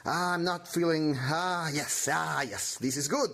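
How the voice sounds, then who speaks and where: Man, slightly high voice, theatrical tutorial host, unhurried, fussy and self-dramatizing. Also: lively intonation, bright, forceful tone. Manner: melodramatic, talks to himself with mock anxiety; halting, many restarts. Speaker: craft tutorial maker.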